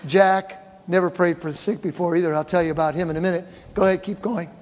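An older male pastor telling mission stories to his church and acting out the quoted voices in an animated way. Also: sits high, fast. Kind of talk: church mission report with slides. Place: church hall. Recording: reverberant church hall.

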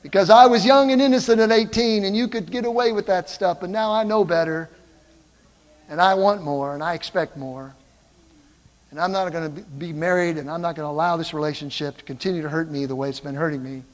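An older man preaching a sermon, telling stories in an animated way and calling out to the congregation. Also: a little high, fairly quick, big-room sound. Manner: animated storytelling, calls out to the congregation. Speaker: pastor. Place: church.

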